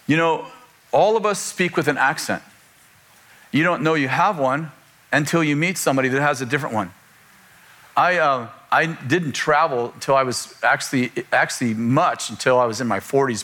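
An older male pastor preaches a sermon before a church congregation in a conversational style, tossing in joking asides and chuckles. His mid-range voice sounds pushed and bright.

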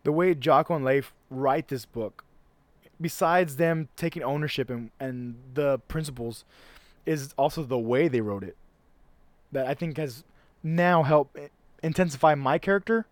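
Fired-up guy, bit higher voice, swears a lot, talks in bursts with restarts, dry close mic. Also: a little slow, no echo. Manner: emphatic, restarts often, swears casually. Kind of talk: casual chat.

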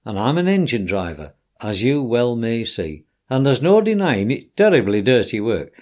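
A man's voice: medium pitch, sing-song, normal speed, darkish tone, close to an everyday voice. A man voicing a kindly, burly train engine driver with homely rustic speech. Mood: friendly.

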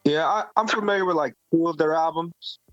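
A man's voice: fairly high pitch, brisk, a bit bright, no room sound, soft background music. A man co-hosting a podcast in casual chat, wry and joking, tripping over his starts. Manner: wry, joking, stumbling restarts. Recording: dull lo-fi sound.

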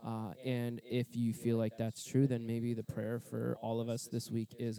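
Man, faith podcast co-host, affirming, very dark mellow voice. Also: medium pitch, monotone, normal speed, gravelly.

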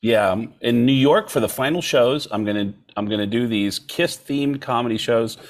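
A man, a comedian guest, telling a story in casual chat and acting out quotes in other voices. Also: medium pitch. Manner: animated, acts out quotes in shifting voices.

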